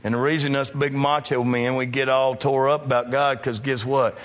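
A man's voice: medium pitch, little pitch movement, normal speed, long reverb tail. A male pastor preaching a sermon, emphatic and calling out to his congregation in a church. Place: church sanctuary.

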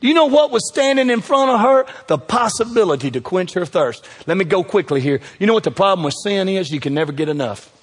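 A man with a Southern accent preaches a sermon, his husky voice sitting high for a man. He keeps throwing questions out to the congregation and pushing them to answer. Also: expressive, brisk, few pauses, big-room sound. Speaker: pastor.

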